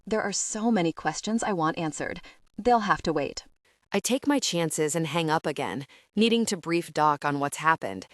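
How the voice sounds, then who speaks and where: A woman narrating a first-person romance audiobook in an expressive voice. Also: fairly low pitch, normal speed, dry recording, studio quality, distant mic.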